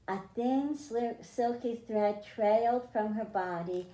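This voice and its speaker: A children's librarian reading a picture book aloud to young children, speaking gently and addressing them directly. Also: female voice, on the high side, slow pace, few pauses. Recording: echoey room.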